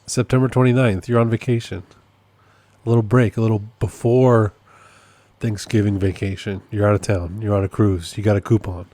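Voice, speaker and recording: A man's voice: lowish voice, fairly even intonation, normal speed, dark tone, no echo. A man hosting a casual solo podcast update, rambling and amused at himself, often repeating his points. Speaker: podcast host and process server.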